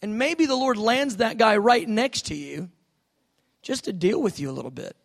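A male pastor preaching a sermon, telling stories with lively, animated delivery and acted-out voices. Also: sits high, moderate pace, vocal fry. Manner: animated storytelling, acting out voices, drops soft for quoted God.

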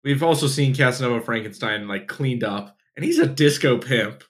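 A man co-hosting a casual talk show, recapping in a relaxed way and chuckling often. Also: medium pitch, moderate pace. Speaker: podcast co-host. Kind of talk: casual chat.

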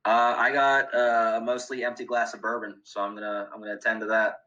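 A man's voice: lowish voice, level tone, brisk, bright, forceful tone, dull audio. A man telling a funny story as a podcast guest, laughing often and talking with many fillers. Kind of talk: casual storytelling.

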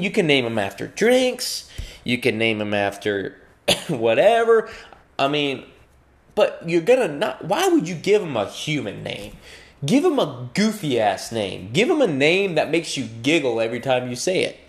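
A man's voice: a little high, moderate pace. A man delivering a profane comedic rant, bouncing between musings and acted-out voices. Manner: profane, animated, acts out voices mid-rant.

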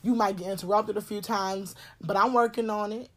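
A woman, telling a personal story in a blunt, animated way, swearing and laughing often. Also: medium pitch, a little fast. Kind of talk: casual storytime chat.

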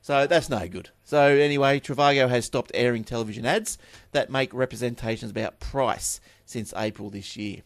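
A man's voice: mid-range voice, moderate pace, no room sound. Chatty Australian man reading tech news. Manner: chatty, offhand asides and repeated words. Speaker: tech podcast host reading news stories. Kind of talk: casual chat and news reading.

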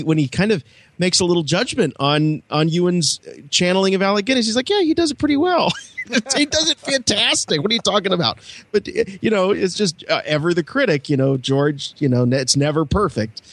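Rambling chatty podcast host. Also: male voice, fairly high pitch, no echo. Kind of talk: casual podcast chat.

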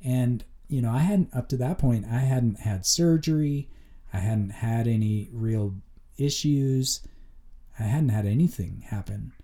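A man's voice: mid-range voice, measured pace, mellow. A man hosting his own show, telling a personal story in an earnest, conversational way with lots of casual fillers. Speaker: podcast host. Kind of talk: personal reflective monologue.

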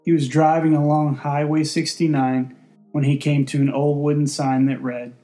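A man narrating a story in a steady, deadpan way. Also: a little high, moderate pace, soft background music.

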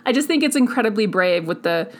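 Woman, podcast host, animated, sassy asides, laughs a lot, mid-pitched voice. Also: fast. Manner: animated, laughs often, reads quotes aloud with sassy asides. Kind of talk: casual history podcast commentary.

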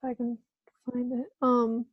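A woman's voice: on the high side, little pitch movement, a little slow, no echo, muffled recording. A young woman chatting casually, telling stories full of "like" and laughing often. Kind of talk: casual chat.

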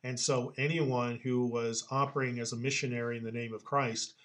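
A man explaining scripture in a casual Bible-study chat, patient and explanatory, quick to laugh. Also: mid-range voice, flat delivery, a bit bright.

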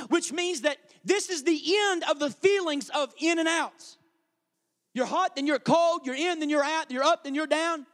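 A male pastor preaching a sermon, animated and conversational, acting out little scenes for the congregation. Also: very high-pitched, normal speed, long reverb tail.

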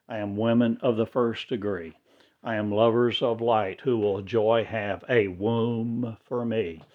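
A man delivering a rambling spiritual monologue in halting, oddly inverted phrasing. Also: fairly low pitch, dull audio.

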